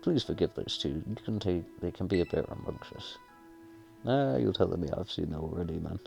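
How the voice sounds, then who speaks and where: A man's voice: low-pitched, expressive, a little fast, creaky, darkish tone, faint music behind, heavily acted. A man reading aloud the lines of a kindly old grandmother from a game, in a plain voice. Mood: apologetic.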